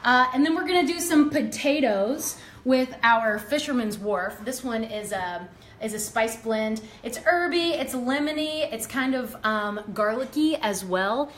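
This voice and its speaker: Young woman, cooking demo host, upbeat and chatty, slightly high voice, roomy kitchen echo, faint hum behind. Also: lively intonation, a little slow. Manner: upbeat and chatty, with frequent ums. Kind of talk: live cooking demonstration. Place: home kitchen.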